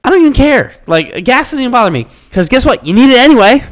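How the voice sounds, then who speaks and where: A young man in casual podcast chat, ranting and swearing with loud, animated jumps in pitch. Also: fast. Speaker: podcast co-host.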